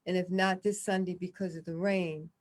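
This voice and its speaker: A woman hosting a radio interview show, wrapping up with thanks and a few gentle restarts. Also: fairly low pitch, steady tone, normal speed. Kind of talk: interview wrap-up.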